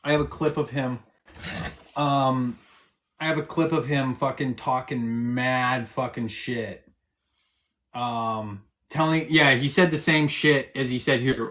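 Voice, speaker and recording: A man's voice: medium pitch, steady tone, takes it slowly, a bit bright. A man hosting a live stream, arguing in a profane, combative and mocking way. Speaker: livestream host. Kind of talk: heated live-stream argument.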